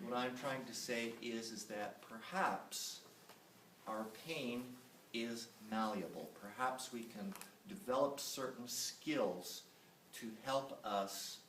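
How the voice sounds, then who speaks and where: A man's voice: mid-range voice, a bit bright, slight background noise. A man giving a public lecture, emphatic and often checking in with his audience by asking "right?". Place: lecture room. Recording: roomy, distant from the mic.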